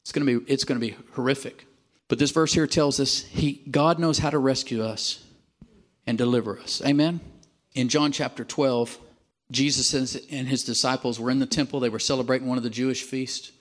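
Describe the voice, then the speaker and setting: A man preaching a sermon, animated and emphatic, calling out for amens and dropping at times to a quiet, drawn-out delivery. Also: mid-range voice. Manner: animated, calls for amens from the congregation.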